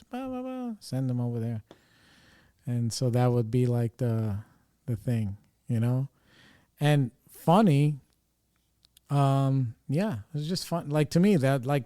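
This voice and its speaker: A man's voice: mid-range voice, dark tone, dry recording, studio quality. A man hosting a podcast, telling family stories in a loose, rambling way full of fillers and restarts. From New York area. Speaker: podcast host. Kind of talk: casual storytelling.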